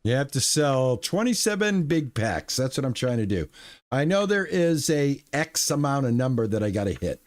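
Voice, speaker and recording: A man's voice: medium pitch, very animated, normal speed. A man streaming a video game, talking through his play in a rambling, playful way with goofy exclamations. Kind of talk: casual gameplay commentary.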